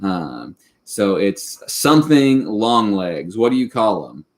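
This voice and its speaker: A man in his thirties from Western Kentucky hosts a casual livestream chat in a fairly low, sing-song voice with a Southern accent. He talks slowly and rambles, using many fillers.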